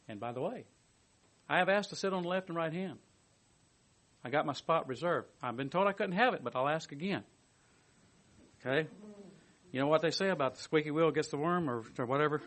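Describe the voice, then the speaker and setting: A man giving a sermon, reading a commentary aloud and adding his own asides, moving between emphatic bursts and quiet, hushed stretches. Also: fairly high pitch, fairly quick, long pauses. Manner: lively, swings from emphatic to hushed. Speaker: preacher.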